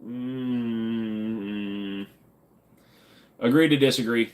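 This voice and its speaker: A man's voice: medium pitch, steady tone, extremely slow, darkish tone. Joking retired man chatting on livestream. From United States. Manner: joking, reading chat, slipping into silly voices. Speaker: livestream host. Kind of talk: casual livestream chat.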